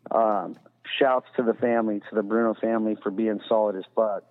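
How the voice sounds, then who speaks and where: A man's voice: on the low side, steady tone, a little fast. Profane man rambling over a tinny line. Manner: profane, rambling, peppered with "you know". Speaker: podcast guest. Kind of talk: casual storytelling. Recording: tinny phone-like sound with long reverb.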